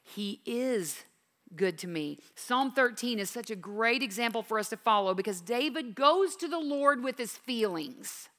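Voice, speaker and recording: Woman in her fifties, high-pitched, earnest and emphatic, long hall reverb. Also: expressive, moderate pace, hardly any pauses. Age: 50s. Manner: earnest, emphatic, swings from quiet to intense. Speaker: Bible teacher. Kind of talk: devotional teaching.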